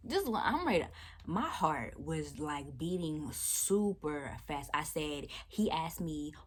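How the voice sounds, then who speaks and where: A young woman vlogger telling a storytime about a rude customer, animated, blunt and profane. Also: deep voice, takes it slowly, slight background noise. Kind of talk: storytime chat.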